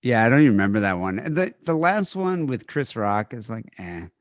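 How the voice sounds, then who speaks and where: A man's voice: medium pitch, sing-song, fairly quick, dry recording, studio quality. A man co-hosting a podcast in casual chat, rambling, swearing a lot and trailing off mid-sentence. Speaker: podcast co-host.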